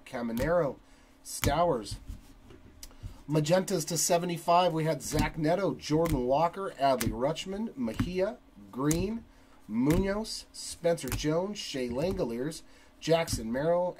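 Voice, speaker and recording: Man, card break host, reads names one by one, slow, audible noise behind. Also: a little high, low-quality recording. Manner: rattles off long lists of names in a steady cadence. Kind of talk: live card break recap, reading names.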